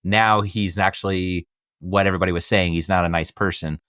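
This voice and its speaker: A man's voice: low voice, steady tone, brisk, fairly bright tone, no echo, clean studio sound. A man hosting a casual podcast discussion, rambling a bit and repeating himself as he passes questions to his guests. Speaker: podcast host. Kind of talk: casual chat.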